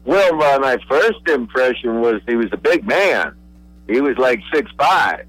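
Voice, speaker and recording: An older man from Pennsylvania, a radio guest reminiscing, pausing often with uhs and repeated words. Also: mid-range voice, lively intonation, a bit bright, no echo, poor audio. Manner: halting, many uhs and repeated I's. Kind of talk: relaxed reminiscing.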